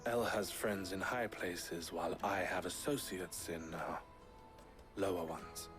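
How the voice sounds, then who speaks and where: A wry low-voiced smuggler in a game cutscene, music bed underneath. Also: male voice, fairly even intonation, unhurried. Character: sly smuggler man, Eloise's brother Theodore. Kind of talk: video game cutscene dialogue. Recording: game audio with music behind.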